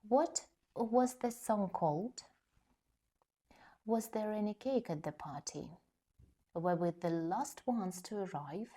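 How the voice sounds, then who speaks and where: A woman teaching an English grammar lesson, explaining slowly and carefully and reading example sentences. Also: medium pitch, lively intonation, mellow.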